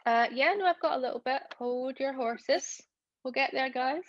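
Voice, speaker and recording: A woman's voice: high voice, fast. Woman talking about her novel. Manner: chatty, with frequent fillers. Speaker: author. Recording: dull lo-fi dry recording.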